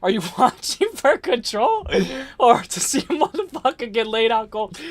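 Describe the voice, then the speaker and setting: Excitable high-voiced male streamer. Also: normal speed. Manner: excitable, profane, joking rants. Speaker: live-stream host. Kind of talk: casual live-stream chat reading viewer comments.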